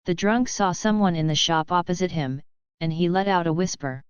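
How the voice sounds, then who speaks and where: A woman narrates an audiobook in an even, steady read. Her voice is low and very clear, set in a dry, close space, and the recording sounds slightly dull and muffled. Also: moderate pace, no room sound. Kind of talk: scripted narration.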